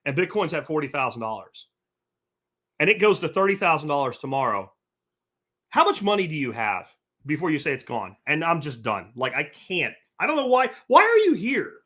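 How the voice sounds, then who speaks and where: A man's voice: sits high, pushed and bright. A man hosting a livestream podcast, reading chat comments aloud and answering them in a blunt, profane rant. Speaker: podcast host.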